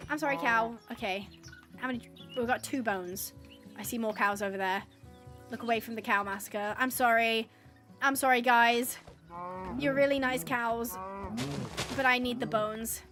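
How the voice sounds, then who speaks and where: A woman streaming live gameplay, chatting to the viewers and the game animals and getting excited. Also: fairly high pitch, normal speed, pauses often, soft background music. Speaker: gaming streamer.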